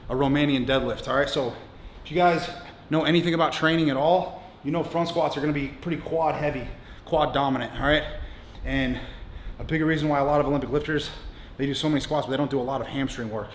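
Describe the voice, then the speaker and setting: A man's voice: medium pitch, slight background noise. A man in his thirties, a strength coach, talking bluntly with lots of swearing as he explains his lifts in a gym. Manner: blunt, profane, coaching instructions between lifts. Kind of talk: gym workout vlog talk. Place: gym, indoors. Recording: echoey gym with faint ambience.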